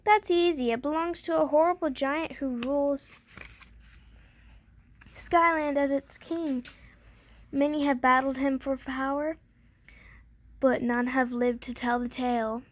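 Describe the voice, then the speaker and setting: A woman's voice: high-pitched, steady tone, a little slow, long pauses. A woman voicing a mysterious talking bird in a storybook reading, in a chirpy, knowing manner.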